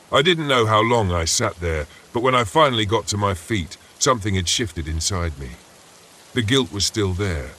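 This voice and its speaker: A man with a very deep voice tells a first-person horror story in a steady, measured narration. Faint rain patters behind him. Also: a little hiss or hum.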